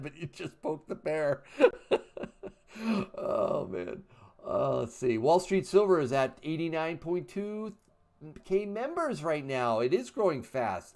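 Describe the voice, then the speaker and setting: A man's voice: a little high, darkish tone. A man in his fifties hosting a casual livestream, reading chat questions aloud and answering in a chatty way with fillers and laughs. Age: 50s. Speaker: livestream host.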